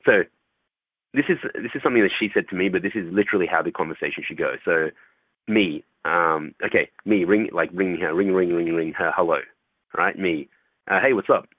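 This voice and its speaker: A man's voice: low-pitched, brisk, no room sound. A man guest coaching on dating, talking loosely with swearing and acting out phone calls. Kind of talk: casual interview talk. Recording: tinny phone-like line, dry.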